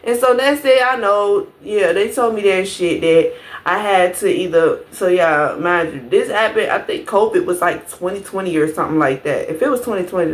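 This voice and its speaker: Animated foul-mouthed woman telling a story. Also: lowish voice. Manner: profane, animated, addresses viewers as y'all. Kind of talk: casual storytime monologue.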